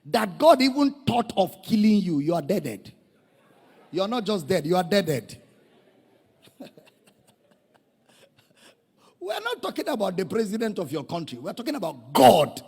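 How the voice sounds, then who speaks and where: A man's voice: high-pitched, normal speed, gravelly, slightly rough. A man with a Nigerian accent preaching a dramatic sermon, calling out to his congregation. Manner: dramatic, animated, calls out to the congregation. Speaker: pastor. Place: church. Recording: echoey hall.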